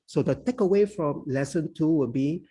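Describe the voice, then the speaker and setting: A man's voice: a little high, normal speed, warm tone, husky. A man tutoring students for an oral exam over a video call, explaining things at length and often adding "you know". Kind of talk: online lecture to students.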